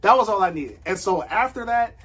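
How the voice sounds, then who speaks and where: A man sharing a personal faith story in casual conversation, animated and acting out his own thoughts and the lines of others. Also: high-pitched, a little fast, husky. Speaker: guest.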